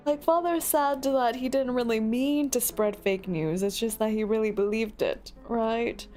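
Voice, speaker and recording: A woman streamer playing a story game, reading narration aloud and reacting in an animated, laughing way. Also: on the high side, normal speed, few pauses, faint music behind. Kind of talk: casual game playthrough with read-aloud narration.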